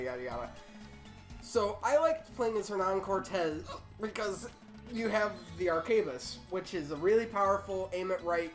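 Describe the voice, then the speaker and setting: A man's voice: fairly high pitch, rough recording. A young man with the hiccups, co-hosting a game playthrough and telling a long rambling story in casual chat. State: has the hiccups. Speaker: let's play co-host.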